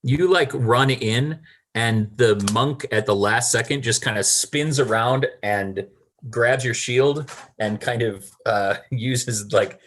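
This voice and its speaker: A man's voice: medium pitch, slow, a bit bright, slight background noise. A man running a tabletop game as game master, narrating loosely with many fillers.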